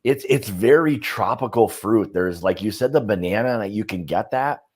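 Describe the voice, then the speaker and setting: A man's voice: fairly low pitch, moderate pace, breathy edge. A man co-hosting a casual bourbon tasting, thoughtful and hesitant as he describes flavors. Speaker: podcast co-host.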